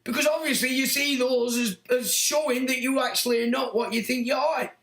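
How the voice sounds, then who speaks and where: A middle-aged man holds forth on a casual livestream, reading viewers' comments and mocking them in a blunt, crude way. His voice sits fairly high for a man. The sound is roomy and echoey. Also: steady tone, brisk, fairly bright tone. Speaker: livestream host. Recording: echoey room.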